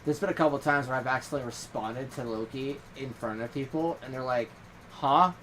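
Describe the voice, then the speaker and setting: A man's voice: medium pitch, quick pace, a little hiss or hum, poor audio. A man hosting a podcast, telling a rambling story in casual chat, full of fillers and quoted dialogue. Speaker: podcast host.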